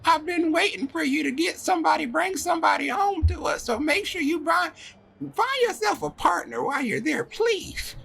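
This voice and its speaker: A man's voice: very high-pitched, lively intonation, normal speed, vocal fry, sharp tone, pitched above the performer's own voice, full character voice. A man voicing a doting, tearful motherly woman in a tabletop game, pleading and emotional. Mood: fussing, pleading. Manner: pleading, emotional, sobbing outbursts. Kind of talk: tabletop role-play character voice.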